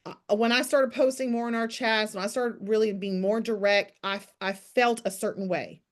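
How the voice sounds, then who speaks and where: A woman's voice: medium pitch, steady tone, moderate pace. A woman leading a morning business call, giving casual motivational talk in a chatty, direct coaching way and turning to listeners by name. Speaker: team leader hosting a morning business call. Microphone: video call.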